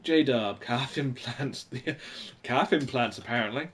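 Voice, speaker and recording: A man in his forties hosting a relaxed live stream from his home. He rambles along, reading snippets from old magazines aloud and answering his viewers as he goes, at a mid pitch. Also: slow pace, a little hiss or hum. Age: 40s. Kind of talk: casual live-stream chat.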